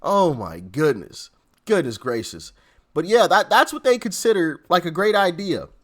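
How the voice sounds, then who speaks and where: A male commentary host reacting casually, laughing often and sounding exasperated. His voice sits slightly high and moves through a lively range. He talks in loose, informal slang. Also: moderate pace.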